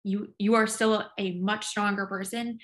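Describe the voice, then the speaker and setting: A woman in a relaxed conversation who responds thoughtfully and supportively. She gropes for words, restarting her sentences as she works through an idea. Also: medium pitch. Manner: reflective, supportive, halting phrasing. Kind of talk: casual conversation.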